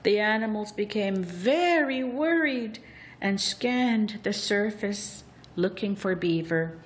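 A woman telling a folk tale aloud, in a deliberate, expressive storytelling manner. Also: mid-range voice. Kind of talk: storybook narration.

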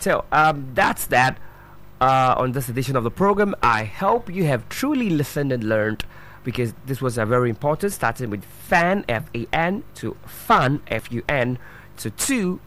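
A man teaching pronunciation, spelling words out letter by letter, repeating them slowly and checking in with "right?". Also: mid-range voice, fairly bright tone. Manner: instructive, checks in with "right?" and "okay?". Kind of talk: spoken pronunciation lesson.

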